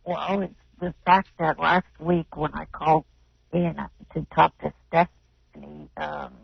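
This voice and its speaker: A man phoning in to a radio show, talking in a hesitant, halting way full of fillers. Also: on the high side, flat delivery, vocal fry, breathy edge, no room sound, lo-fi sound. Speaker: caller. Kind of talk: phone-in call.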